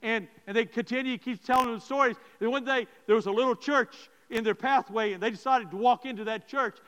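A man's voice: very high-pitched, fairly quick, a bit bright. A male pastor telling stories in a sermon and speaking directly to his congregation. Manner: emphatic preacher addressing the congregation directly. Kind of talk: sermon storytelling. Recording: long hall reverb.

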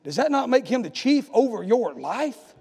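A man preaching a sermon as pastor, swinging from hushed, drawn-out lines to shouted calls. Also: very high voice, sing-song, creaky, breathy edge, in a large hall.

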